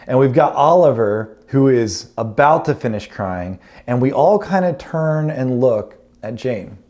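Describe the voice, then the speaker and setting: A man's voice: mid-range voice, a little mellow. A man in his thirties, a pastor telling a family story in a sermon with humorous, self-deprecating asides.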